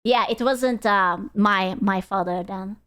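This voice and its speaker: A woman's voice: medium pitch, measured pace, a bit bright, clear, resonant tone. A woman streaming casually as she reacts to videos, talking bluntly, swearing freely and telling personal stories with little sung bits.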